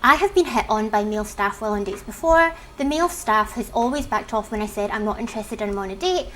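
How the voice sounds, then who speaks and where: A woman's voice: medium pitch, animated, fast talker, fairly bright tone, a little hiss or hum, low-quality recording. A woman who reads online posts aloud and chats casually about them as the host of a reaction video. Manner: chatty, reads aloud then comments with casual asides.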